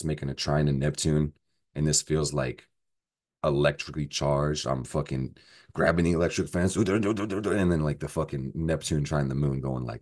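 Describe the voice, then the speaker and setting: A man's voice: rumbling low, a little mellow. A man giving a casual astrology forecast, profane and rambling, joking as he goes through the week. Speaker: astrology vlogger.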